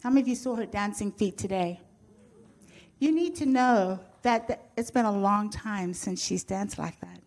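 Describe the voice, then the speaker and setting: An older woman speaks to a church congregation about her faith. Her voice sits at an ordinary pitch for a woman. She talks in an earnest, heartfelt way and slips in gentle humor now and then. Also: moderate pace. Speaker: guest speaker sharing a faith testimony. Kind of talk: personal testimony to a church audience.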